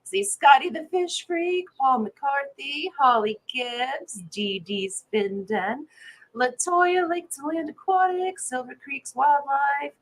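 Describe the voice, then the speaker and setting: A woman's voice: sits high, expressive, slow pace, poor audio. A woman hosting a casual morning livestream, giggling often as she greets viewers and chats with her co-host.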